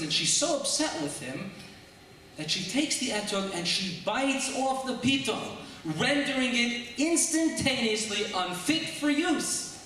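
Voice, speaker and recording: A man preaching a sermon as a rabbi, telling stories and posing rhetorical questions with measured emphasis. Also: very high-pitched, big pitch swings, sharp tone, a little hiss or hum. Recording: echoey hall, mic far off.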